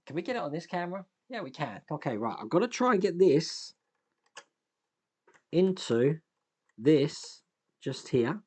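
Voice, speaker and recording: A man's voice: fairly high pitch, sing-song, a little slow, long pauses, a little mellow, breathy edge. A man hosting a model-building video, thinking aloud as he works at a workbench, with sighs, chuckles and self-deprecating asides. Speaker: host, scale model builder. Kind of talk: casual build commentary.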